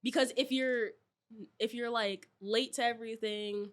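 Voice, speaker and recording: A woman's voice: a little high, unhurried. A woman in her twenties from New York, chatting casually and telling a story full of fillers. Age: 20s. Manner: chatty, many fillers, animated retelling.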